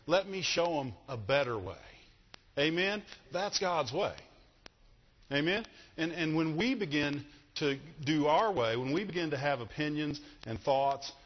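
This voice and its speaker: Husky man preaching in a reverberant hall. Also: on the high side, measured pace. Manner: animated, asks the congregation questions. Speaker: pastor. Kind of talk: sermon. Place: church hall. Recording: dull sound with long hall reverb.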